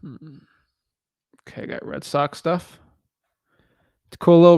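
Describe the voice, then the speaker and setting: A man's voice: on the high side, fairly even intonation, measured pace, long pauses, a little mellow, no echo, studio quality. A young man commenting casually on a property listing and cold calling a seller, thinking aloud with fillers. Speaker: real estate wholesaler cold calling.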